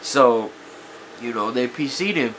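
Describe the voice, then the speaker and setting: A man's voice: medium pitch, a little slow, a bit bright, slight background noise. A man vlogger telling stories from his past in a casual, confessional way, regretful and self-critical, often calling his viewers guys, his voice a bit off from allergies. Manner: keeps addressing viewers as guys, many you-knows. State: voice affected by allergies.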